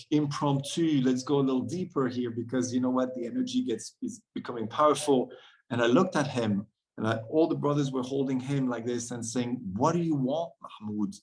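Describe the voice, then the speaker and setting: A man talks in a middle register, earnest and reflective. He is a podcast guest who tells his stories warmly and breaks into easy laughter. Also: mid-range voice, low-quality recording. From France. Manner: earnest, storytelling, laughs often. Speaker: guest, men's circle facilitator.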